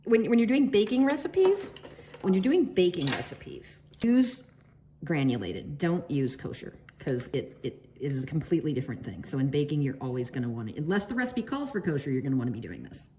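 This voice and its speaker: A woman with a low voice that swoops up and down as she talks. She runs a casual baking tutorial, joking and chatting with viewers while she works. Faint noise sits behind her. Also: very animated, brisk, dark tone. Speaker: baking instructor and shop owner.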